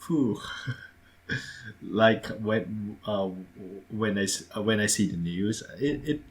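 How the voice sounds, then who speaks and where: A low-voiced man co-hosts a casual podcast. He speaks haltingly, searching for words with frequent pauses and slightly non-native grammar. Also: expressive. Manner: hesitant, many fillers and restarts, non-native grammar. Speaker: podcast co-host. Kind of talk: casual discussion.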